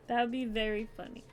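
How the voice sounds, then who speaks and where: A woman streamer chatting casually with her viewers while crocheting, giggling often and yawning near the end of her stream. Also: fairly high pitch.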